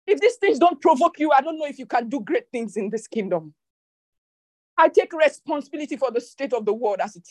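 A woman preacher delivering an impassioned sermon, repeating lines for emphasis and dropping into low, slow prayer. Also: no echo. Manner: speaks in tongues during prayer.

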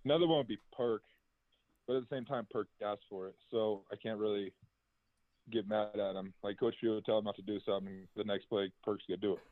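Over a tinny, phone-like line with a dry recording, a young man who used to play college basketball answers interview questions. His low voice is fairly quick with fairly even intonation, and he's laid-back and chatty, full of fillers.

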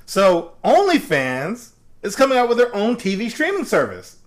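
Man, 40s, lively storyteller on a casual chat podcast; slightly raised pitch, swinging intonation. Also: moderate pace. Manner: animated storyteller, acts out voices of others. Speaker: podcast co-host.

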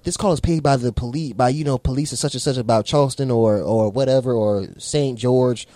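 A man telling a story in casual chat, animated and swearing, acting out the people in it. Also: mid-range voice, fairly quick, no room sound, clean studio sound. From South Carolina. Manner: animated, swearing, mimics people in his stories.

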